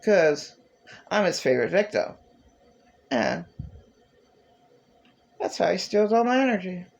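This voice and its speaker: A man talks straight to camera in a rambling religious monologue, his voice gravelly with fry and sitting a little high for a man. He rants in a bitter, agitated way, and his pitch jumps suddenly. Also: big pitch swings, unhurried, a little mellow, muffled recording. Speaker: vlogger.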